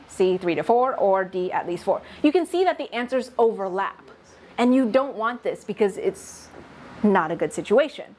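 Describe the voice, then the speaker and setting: Woman teaching a workshop, patient and clear. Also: medium pitch. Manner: explains patiently with examples, laughs lightly. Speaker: faculty development presenter.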